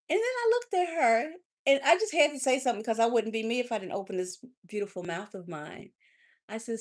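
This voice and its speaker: A woman coach speaking live to her audience in a preacherly, lively way. She calls people honey and baby, rising loud then dropping soft. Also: fairly high pitch, fairly quick. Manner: animated, swings between loud and soft. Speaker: life coach hosting a livestream. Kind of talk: live motivational talk.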